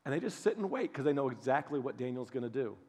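A man preaching a sermon, telling biblical stories with animated, acted-out voices. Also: mid-range voice, quick pace, slightly rough. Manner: animated storytelling, acts out voices of biblical figures. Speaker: pastor.

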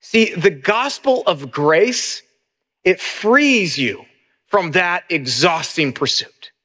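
A man's voice: high voice, lively intonation, slow pace, bright, forceful tone. A middle-aged man, a pastor, preaching a sermon in an earnest way, often repeating words as he restarts.

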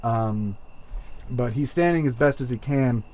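A man narrating as game master for a tabletop game, slow and hesitant with many fillers. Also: mid-range voice, dark tone.

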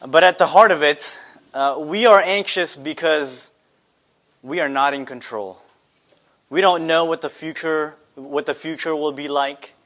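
A man's voice: fairly high pitch, a little slow, fairly bright tone. A man preaching a sermon earnestly, asking his listeners rhetorical questions. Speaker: pastor.

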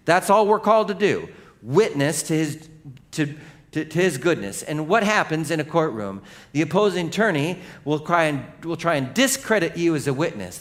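Pastor with a fairly high voice, preaching casually. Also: male voice, sing-song, moderate pace, fairly bright tone. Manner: conversational, joking storyteller; leads the congregation in reading scripture. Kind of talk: sermon.

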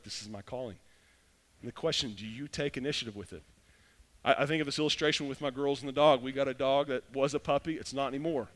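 A middle-aged man preaching a sermon as a pastor, animated and acting out little dialogues in different voices. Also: on the high side. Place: church sanctuary. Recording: long hall reverb.

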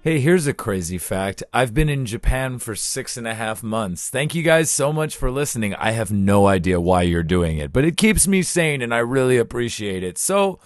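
A man hosting a podcast, telling stories in an animated, profane, playful comic monologue. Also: medium pitch, normal speed, hardly any pauses, dry recording, studio quality, soft background music. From United States. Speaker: podcast host.

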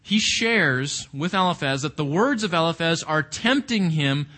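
Slow, bright-voiced male Bible study leader. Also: on the high side, lively intonation. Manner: reflective, asks the group questions, repeats words. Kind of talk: interactive Bible study teaching.

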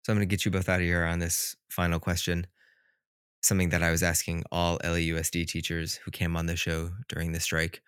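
A man's voice: low voice, completely flat delivery, a little fast, fairly bright tone, smooth, no echo, clean studio sound. A man hosting a show, asking interview questions in a friendly, teasing way.

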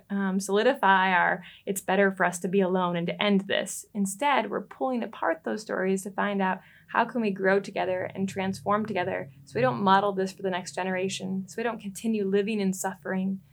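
A woman, a relationship coach, telling a personal story as a podcast guest, lively and quick to laugh. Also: mid-range voice, vocal fry. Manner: animated, laughs often and acts out quoted lines.

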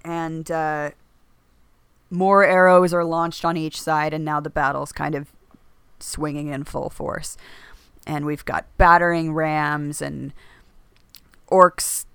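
Smooth-voiced, chatty podcast co-host. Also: medium pitch, level tone, slow, long pauses, a bit bright, dry recording. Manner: rambling, many fillers and restarts. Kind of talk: casual book discussion.

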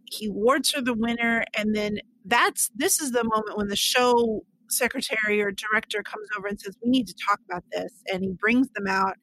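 A woman co-hosting a casual chat about a book and its movie, telling the story with animated bursts as she acts out characters' lines. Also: mid-range voice, low-quality recording. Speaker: podcast co-host.

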